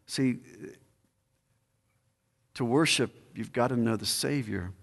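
A man preaching as a pastor, building to emphatic peaks and then slowing into a measured prayer. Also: mid-range voice, creaky, fairly bright tone. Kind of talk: sermon and closing prayer. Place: church sanctuary. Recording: long church reverb.

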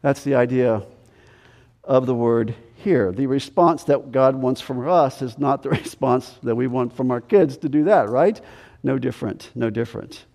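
Male pastor, sermon delivery, mellow tone, repeats for emphasis, long church reverb. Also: medium pitch, normal speed, creaky. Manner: earnest preaching, repeats words, swings from loud to quiet. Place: church sanctuary.

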